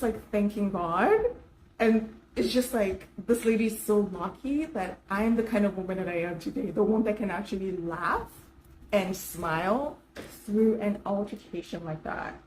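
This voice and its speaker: A woman self-care coach chatting straight to her viewers, telling a story with animated asides and frequent laughs. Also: mid-range voice, a little slow, slight background noise, poor audio. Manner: animated, laughs often while telling stories. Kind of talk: casual storytelling vlog.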